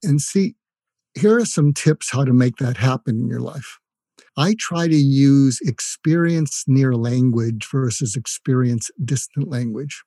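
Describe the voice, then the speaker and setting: Older man explaining calmly, dry sound. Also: medium pitch, unhurried, dry recording. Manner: explains with examples and role-played phrases. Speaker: guest, communication expert. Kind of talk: instructive interview talk.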